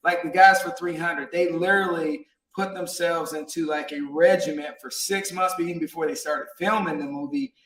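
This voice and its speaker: A man's voice: fairly high pitch, fairly even intonation, normal speed, few pauses, fairly bright tone. A man hosting an interview show, talking in a rambling, casual way with lots of fillers and frequent laughs. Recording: roomy, distant from mic.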